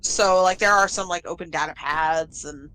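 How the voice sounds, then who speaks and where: A woman narrating as game master of a tabletop game in a relaxed, easygoing way, with lots of fillers. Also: lowish voice, normal speed, rough recording.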